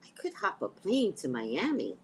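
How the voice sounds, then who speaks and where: A woman's voice: lowish voice, moderate pace, slightly rough, poor audio. Woman ranting on her livestream, voice jumping all over, cussing, fed up, chatting to viewers. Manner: animated, profane, exasperated storytelling. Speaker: live stream host, tarot reader. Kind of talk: casual livestream rant.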